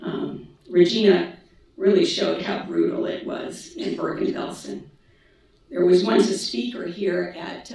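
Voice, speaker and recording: A woman gives a talk in a large lecture hall, speaking conversationally and restarting her sentences now and then. Her voice has a gravelly edge. It is picked up from a distance, with heavy echo all around. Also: fairly low pitch, darkish tone. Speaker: guest speaker, daughter of a survivor. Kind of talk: public presentation. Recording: echoey hall from far off.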